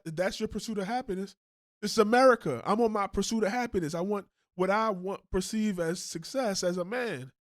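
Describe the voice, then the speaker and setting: A man's voice: high voice, no echo, studio quality. A man hosting a reaction show, talking in a casual, slangy rant and laughing often.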